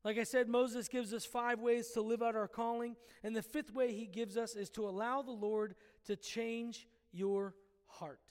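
A man's voice: extremely high pitch, flat delivery, a little slow, few pauses, smooth, in a large hall. A man preaching a sermon in an emphatic, conversational way, asking his listeners questions directly.

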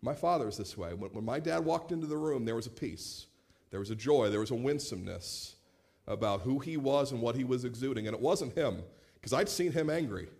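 A man in his late thirties preaching a sermon as pastor, animated, acting out quoted voices and repeating words as he starts phrases. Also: mid-range voice, fairly quick. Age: 30s.

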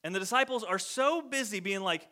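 A man preaching a casual, conversational sermon, animated and acting out quotes in different voices. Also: high voice, brisk. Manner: animated, acts out quotes in voices, many "like" fillers.

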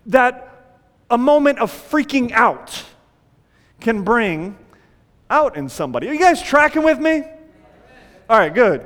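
A male pastor preaching an animated sermon, acting out panicked prayers along the way. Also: very high voice, long reverb tail.

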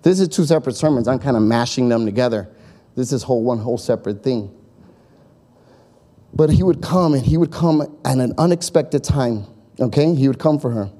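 Guy preaching, lively up-and-down voice, mellow tone, keeps asking the crowd "make sense", long echo of a big hall. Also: mid-range voice, fairly quick. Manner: animated storytelling, acting out voices; chatty, checks in with the audience. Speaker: pastor. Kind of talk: sermon.

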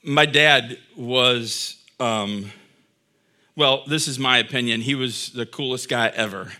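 A man's voice: mid-range voice, slow, sharp tone. A middle-aged man preaching a sermon, reading scripture aloud and then explaining it in a conversational way. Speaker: pastor.

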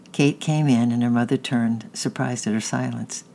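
A narrator reads a novel chapter aloud in a steady, even storytelling manner. The voice is mid-pitched, with a faint rumble behind it. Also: moderate pace, vocal fry, hardly any pauses. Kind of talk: audiobook reading.

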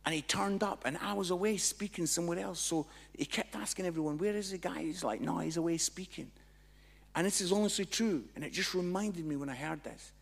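Gravelly pastor telling a story. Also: male voice, sits high, fairly quick. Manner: animated, acts out both sides of dialogue. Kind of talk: sermon storytelling.

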